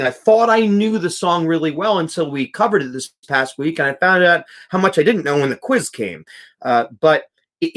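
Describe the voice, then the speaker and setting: A young man, a music teacher, hosting a live stream, reading chat comments aloud and talking casually with many restarts and fillers. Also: fairly high pitch.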